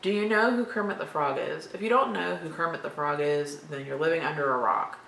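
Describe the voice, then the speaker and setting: A woman's voice: sits low, brisk, vocal fry, fairly bright tone. A woman in her thirties from Florida casually reads tag questions aloud and answers them in a chatty, rambling way. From Florida, USA. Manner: chatty, rambling, matter-of-fact. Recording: echoey room with faint background noise.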